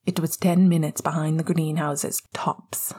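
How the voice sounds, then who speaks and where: Clipped, icy teen boy wizard, low and hushed, breathy, voiced by a woman. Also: moderate pace. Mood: cold angry. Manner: cold, clipped, hissing. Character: bitter teenage boy wizard, cold and cutting. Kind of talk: audiobook reading of fan fiction.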